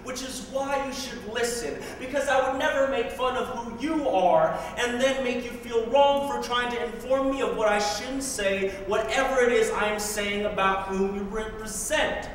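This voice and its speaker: A man's voice: very high-pitched, moderate pace, hardly any pauses. A man performing spoken word poetry in a wry, pointed way, with sarcastic asides, recorded live in an echoey hall from far off. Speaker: poet. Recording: echoey hall, mic far off, faint noise.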